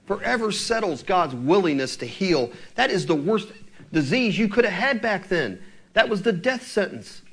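A male preacher whose voice sits a little high for a man and leaps up and down as he tells the old stories. He keeps slipping into the voices of the people in the passage, then drops back into plain talk. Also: normal speed, slightly rough. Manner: animated storytelling preaching, acting out scripture quotes. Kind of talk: sermon.

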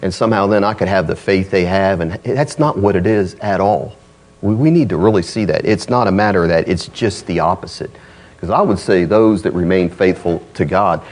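A pastor delivers his sermon conversationally, acting out the voices of the people he quotes. He swings between loud emphasis and quiet, low asides.

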